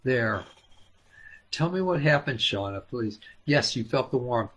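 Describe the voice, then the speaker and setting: A man hosting a live healing stream, talking gently and haltingly with many fillers, coaxing viewers by name. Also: medium pitch, lively intonation. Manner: coaxing, addresses viewers by name and calls them hon. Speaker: spiritual healer hosting a live Q&A.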